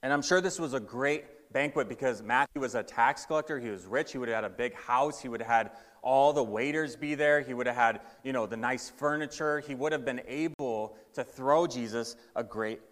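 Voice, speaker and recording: A man's voice: mid-range voice, normal speed, few pauses, fairly bright tone. Man preaching in a reverberant hall. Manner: emphatic storytelling, varying pace. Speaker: pastor. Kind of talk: sermon.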